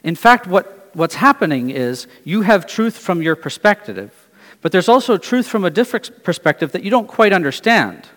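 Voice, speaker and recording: A middle-aged man preaching a sermon, earnest and questioning, often dropping to quiet phrases. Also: high-pitched, sing-song, moderate pace. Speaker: pastor. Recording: long hall reverb.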